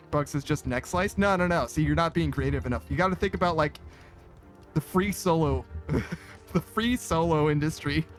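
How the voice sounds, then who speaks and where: A man live-streaming a game and reading his chat aloud, with a slightly raised pitch. He rambles loosely, swears freely and keeps breaking into laughter, with faint music behind him. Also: a bit bright.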